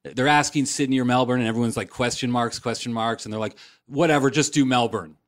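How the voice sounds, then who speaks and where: A Canadian actor telling a casual story as an interview guest. He is animated and uses many fillers. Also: medium pitch, fast talker, no room sound, studio quality.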